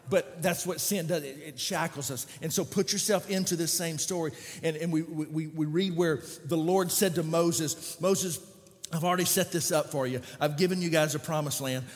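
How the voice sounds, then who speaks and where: A male pastor preaching a sermon, animated and sometimes shouting, sometimes conversational. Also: a little high, big-room sound.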